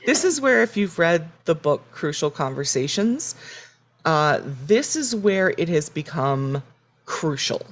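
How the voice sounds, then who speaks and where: A woman's voice: low voice, sing-song, unhurried. A woman co-hosting a podcast, recapping a TV episode in casual, reflective chat and acting out the characters' lines. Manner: reflective, restarts mid-sentence, acts out characters' lines. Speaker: podcast co-host.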